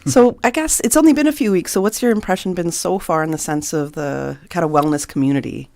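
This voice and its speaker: A woman hosts a radio talk show in a friendly, conversational manner, laughing easily with her guest. Her voice sits fairly low, and the studio sound is dry and close. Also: a little fast, vocal fry, a little mellow, no echo.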